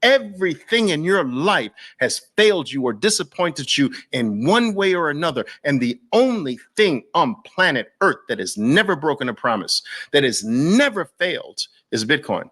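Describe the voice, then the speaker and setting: A man's voice: on the high side, very animated, moderate pace, few pauses, a bit bright. A man with a Brooklyn accent hosting an impassioned, preachy talk to camera, hammering points home through repetition. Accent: New York, Brooklyn. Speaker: host.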